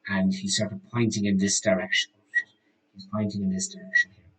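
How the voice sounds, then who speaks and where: A man running a tabletop game as game master, narrating in a loose, halting way. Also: on the low side, little pitch movement, a bit bright, poor audio.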